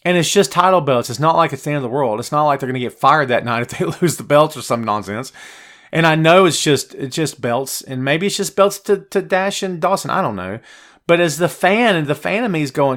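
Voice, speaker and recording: A talkative male host running a live wrestling review. He speaks at a middle pitch, mixing opinions with direct replies to viewers he calls by name. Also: lively intonation, brisk, a bit bright. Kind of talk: live show answering viewer chat.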